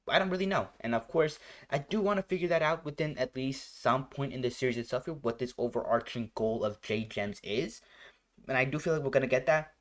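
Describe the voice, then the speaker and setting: A young man talks through a reaction video in a loose, rambling way, leaning on fillers. His voice sits at an ordinary pitch, and he restarts his sentences often. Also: a bit bright. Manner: rambling, full of "like" and "you know". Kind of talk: casual reaction commentary.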